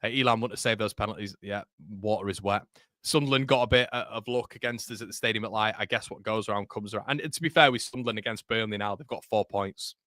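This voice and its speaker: Chatty bright-voiced football streamer. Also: male voice, lowish voice, fast talker, no echo, studio quality. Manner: chatty, reads out viewer comments; repeats words and restarts. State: tired. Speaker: football channel host. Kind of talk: live match watchalong chat.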